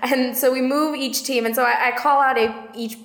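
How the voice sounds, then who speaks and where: A woman with a raspy voice, short on sleep, chatting casually as a competition director and telling animated stories. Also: sits high, moderate pace. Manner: animated storyteller, laughs often. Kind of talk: casual chat. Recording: roomy echo.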